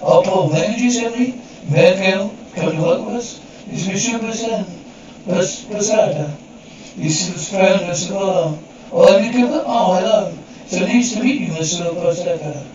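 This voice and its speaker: A man's voice: sits high, moderate pace, heavy reverb, close to an everyday voice. A man speaking lines in a television drama scene, heard muffled and distant. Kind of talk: TV drama audio. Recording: muffled, distant TV audio with crowd noise.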